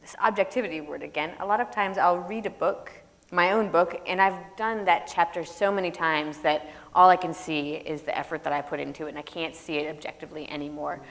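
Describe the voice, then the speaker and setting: A woman author telling funny stories on an opera house stage, lively and laughing, into a stage microphone. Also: fairly low pitch. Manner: lively, laughing comic storyteller. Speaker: guest author. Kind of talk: onstage storytelling Q&A. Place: large opera house stage before audience. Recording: reverberant hall, faint noise.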